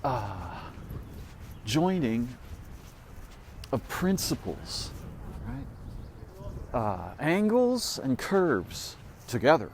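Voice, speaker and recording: A man thinking out loud at a slow, unhurried pace, circling back on himself with fillers and half-started phrases. His voice sits at a middle pitch but leaps sharply upward when he presses a point. A faint noise floor sits under the recording. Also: sing-song. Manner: rambling and speculative, with frequent fillers and restarts. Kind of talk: solo spoken musing recording.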